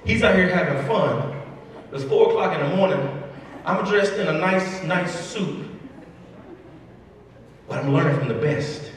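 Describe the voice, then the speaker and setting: A man telling a story in a keynote speech to educators, animated and repetitive, building emphasis with each line. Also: a little high, measured pace, pauses often, a little hiss or hum. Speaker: motivational speaker to educators. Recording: echoey hall, mic far off.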